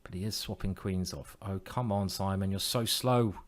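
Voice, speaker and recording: A man's voice: deep voice, fairly even intonation, moderate pace. A man streaming online chess, thinking aloud in a playful, self-mocking way and teasing his opponent.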